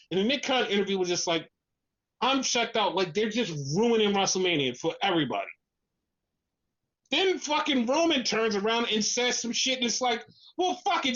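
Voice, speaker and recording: A podcast co-host ranting in casual talk, swearing constantly and sounding fed up. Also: highs cut off. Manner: profane, exasperated ranting; animated, mimics others in a lower voice.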